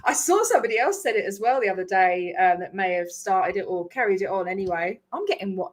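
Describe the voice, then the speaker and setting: A woman's voice: mid-range voice, sing-song, fairly quick, hardly any pauses. A woman with an English accent carrying a slight Australian twang, chatting casually on a live stream, laughing often and swearing casually. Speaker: livestream host.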